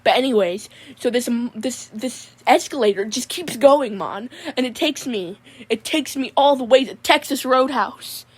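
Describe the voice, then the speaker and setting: A woman's voice: fairly high pitch, unhurried, husky. A woman voicing a goofy, laid-back young guy with a mullet, drawling and rambling as he keeps calling people "mon". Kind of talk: comedic character monologue.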